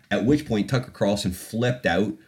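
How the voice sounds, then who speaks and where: A man's voice: fairly low pitch, takes it slowly, darkish tone. A man hosting a casual opinion podcast, talking in a loose rambling way, laughing now and then and swearing freely. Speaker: podcast host.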